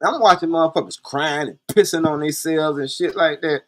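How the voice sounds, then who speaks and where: A man's voice: fairly high pitch, moderate pace. A man hosting a podcast, telling stories in a blunt, profane, laid-back way. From Columbia, South Carolina. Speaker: podcast host. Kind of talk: casual storytelling monologue.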